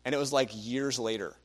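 A young man, a guest preacher, delivers a sermon in a mid-range voice that's a bit bright. He tells stories animatedly and acts out the people he quotes.

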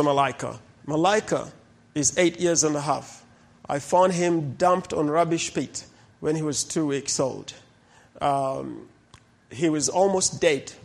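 A man's voice: a little high, vocal fry. A middle-aged man, a pastor telling stories in a sermon and acting out the people in them. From Uganda. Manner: animated storyteller who acts out the people in his stories. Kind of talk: sermon testimony storytelling.

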